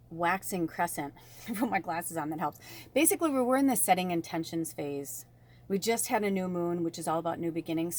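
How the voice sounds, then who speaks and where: A woman's voice: lowish voice, a little mellow. A woman casually talking through a spiritual tarot reading to her viewers, rambling and bubbly in manner. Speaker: tarot reader.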